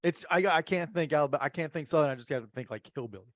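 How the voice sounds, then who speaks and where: A man chatting casually as co-host, laid-back with quick agreeable replies. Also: fairly high pitch, dry recording. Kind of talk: casual chat.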